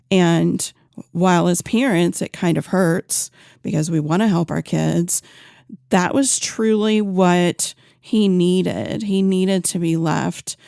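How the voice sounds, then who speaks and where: A woman hosting a parenting podcast, talking on her own in an earnest, unhurried way with some fillers and restarts. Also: lowish voice, gravelly, dark tone, no echo, studio quality. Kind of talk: solo podcast talk.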